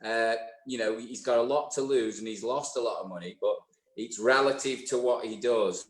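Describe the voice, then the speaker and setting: A man's voice: mid-range voice, moderate pace. Reflective man in an echoey room. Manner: reflective, stammering restarts. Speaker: co-host. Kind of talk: casual live show chat.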